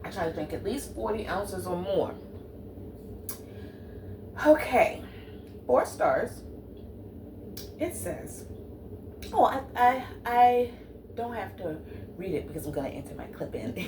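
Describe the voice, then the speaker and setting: A woman's voice: mid-range voice, sing-song, slow pace, long pauses, darkish tone, a little hiss or hum, low-quality recording. A woman book vlogger in casual, chatty talk with sassy asides, at home. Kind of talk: casual chat.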